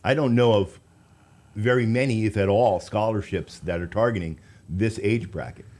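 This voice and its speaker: Male radio host, low voice, casual stumbling chat. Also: moderate pace, a little mellow. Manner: chatty, stumbling restarts.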